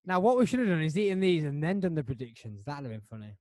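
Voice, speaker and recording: A man hosting a casual podcast chat from a home studio, excitable and quick to laugh. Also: fairly high pitch, no room sound. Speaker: podcast host.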